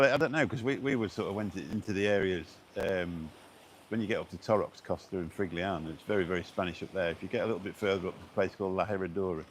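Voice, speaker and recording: Deep-voiced rambling man outdoors. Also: a little hiss or hum. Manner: rambling, chatty, many fillers and restarts. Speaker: vlogger live-streaming. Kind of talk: casual live-stream chat. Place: outdoors on a beach walk.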